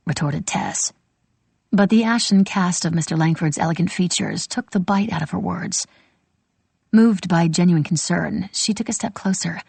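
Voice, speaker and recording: Low, gravelly woman narrating an audiobook. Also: normal speed, a little mellow, no echo. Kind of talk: scripted narration.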